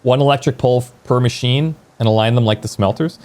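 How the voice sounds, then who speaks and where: This man talks fast in a medium-pitched, slightly mellow voice as he streams a video game. As a let's play streamer, he offers casual gameplay commentary, thinking aloud about his plans and sometimes replying to viewers.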